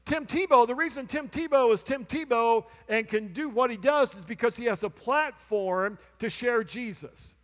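High-voiced preacher in an echoing hall. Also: male voice, moderate pace, few pauses. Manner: animated, acts out both sides of a conversation; calls out to the congregation. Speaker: pastor. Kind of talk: sermon storytelling. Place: church sanctuary.

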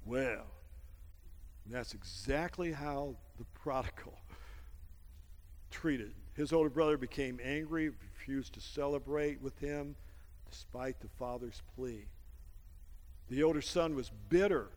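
A man's voice: mid-range voice, slow, pauses often, a little mellow. A man preaching a sermon as pastor, exhorting his congregation with frequent amens and call-and-response. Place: church sanctuary during a service. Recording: long hall reverb with music behind.

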